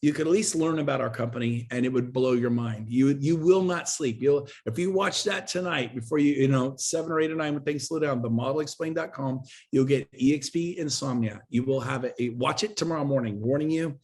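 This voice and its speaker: A man talking as a guest in an interview, pitching hard with emphatic, repetitive and urgent delivery. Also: brisk, hardly any pauses, darkish tone. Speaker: guest, real estate agent and recruiter. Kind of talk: energetic sales pitch in an interview.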